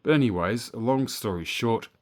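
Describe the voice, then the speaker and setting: A man's voice: medium pitch, expressive, normal speed, darkish tone. A man with an Australian accent, chatting casually and rambling through a story as a toy collector vlogger. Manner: chatty, meandering, swears casually.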